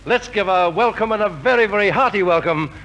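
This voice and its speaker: A man's voice: sits high, fairly quick, fairly bright tone, poor audio. A man compering a 1950s radio variety show in a hearty, jovial, chatty way. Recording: old radio recording with faint hiss.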